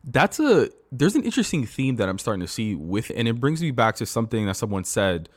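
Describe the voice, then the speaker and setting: A man's voice: medium pitch, very animated, fairly quick, no echo. A man hosting a podcast, talking casually and reflectively, with slangy asides as he asks his guest questions. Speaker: podcast host. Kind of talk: podcast interview conversation.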